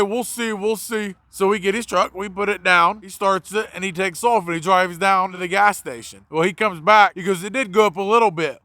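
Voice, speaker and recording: A man's voice: high voice, no echo. A man, a mobile mechanic, casually telling a story about a customer and acting out both sides of the conversation. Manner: animated, acts out both sides of the dialogue.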